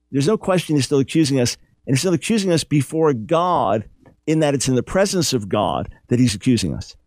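A man's voice: a little mellow, dry recording. A man hosting a radio show, teaching a Bible passage in an earnest, emphatic way and lifting his voice when he acts out the speakers. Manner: earnest, emphatic, rises in pitch when dramatizing.

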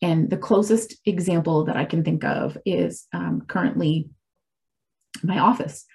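A woman's voice: on the low side, measured pace, gravelly, darkish tone, husky. Candid, reflective woman in her forties. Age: 40s. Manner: reflective and candid, with frequent fillers and restarts. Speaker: speaker sharing a personal faith and recovery story. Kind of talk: casual reflective talk.

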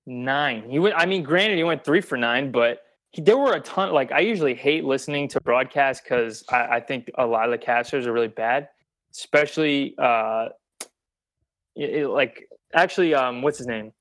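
A man's voice: mid-range voice, moderate pace, a bit bright, dry recording. A man co-hosting a sports podcast, talking bluntly and emphatically in casual chat, swearing freely. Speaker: podcast co-host.

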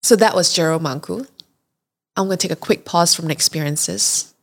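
A woman's voice: lowish voice, moderate pace, gravelly. A young woman, hosting a podcast and telling a candid, confessional story in chatty fashion. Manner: chatty and confessional, often acts out her own reactions. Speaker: podcast host.

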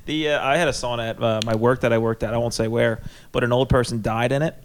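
A man's voice: medium pitch, fairly even intonation, fast, a little hiss or hum. A young man co-hosting a podcast, trading crude banter in casual chat with frequent laughter. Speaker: podcast co-host.

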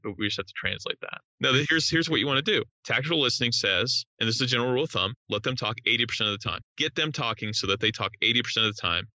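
A man's voice: on the low side, no echo, muffled recording. A man, a hostage negotiator, explaining negotiation in a podcast interview with emphatic, repetitive phrasing. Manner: emphatic, repeats phrases, rising excitement on key points.

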